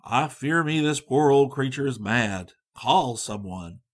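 A man voicing a kind middle-aged lord in a storybook, measured and gentle. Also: mid-range voice, animated.

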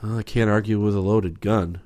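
A man's voice: fairly low pitch, steady tone, normal speed, darkish tone, dry recording, studio quality, lightly acted. A man voicing a wounded young space officer who speaks in tired, clipped commands. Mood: weary.

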